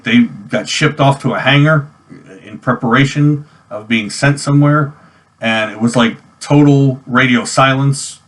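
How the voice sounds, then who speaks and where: A man's voice: medium pitch, a bit bright. A man in his forties from New York, telling a personal army memory in a casual, rambling way full of restarts and fillers. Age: 40s. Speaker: army veteran vlogger. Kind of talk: personal storytelling vlog.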